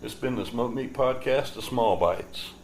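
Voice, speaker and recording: In a roomy, echoing recording with faint background noise, a podcast host delivers a rambling, easygoing comedic monologue. He speaks a little slowly in a medium-pitched voice.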